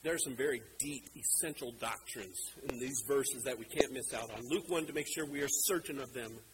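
A male preacher giving a sermon, animated, acting out scripture and slowing down to stress key lines. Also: mid-range voice, background noise. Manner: animated, acts out scripture quotes, slows for emphasis.

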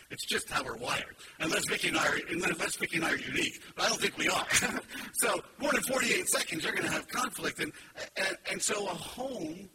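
Fast-talking high-voiced preacher in his fifties. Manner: quick, conversational storytelling with sarcastic humor. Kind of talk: sermon. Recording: distant mic with loud background noise.

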